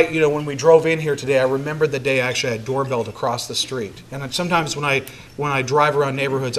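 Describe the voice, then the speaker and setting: A man's voice: fairly high pitch, fairly bright tone, a little hiss or hum. Man giving a chatty public speech. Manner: conversational and joking, with many fillers. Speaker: mayor giving a city address. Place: large banquet room.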